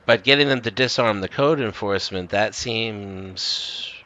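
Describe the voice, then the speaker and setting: Bright, lower-voiced man asking pointed questions. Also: unhurried, no echo, muffled recording. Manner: curious, asks pointed follow-up questions. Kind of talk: casual panel discussion.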